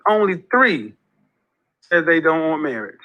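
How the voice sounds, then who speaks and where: A man's voice: a little high, big pitch swings, a little slow, muffled recording. A man in his forties hosting a casual monologue, talking emphatically and repeating phrases like a preacher. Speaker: host of a men's group talk.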